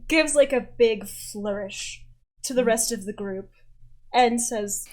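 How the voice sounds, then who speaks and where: A woman narrating a tabletop role-playing game as game master, describing the scene in an unhurried way with fillers. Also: on the high side, darkish tone.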